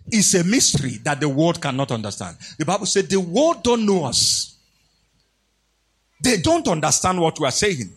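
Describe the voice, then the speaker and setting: Husky-voiced man preaching, animated and emphatic, kinda high pitched. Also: normal speed. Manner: animated, emphatic, repeats lines for stress. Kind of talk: sermon.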